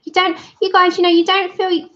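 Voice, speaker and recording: A woman's voice: very high voice, flat delivery, a little fast, pushed and bright. A woman chatting casually to her livestream viewers while she colours, thanking them by name. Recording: dull lo-fi stream audio.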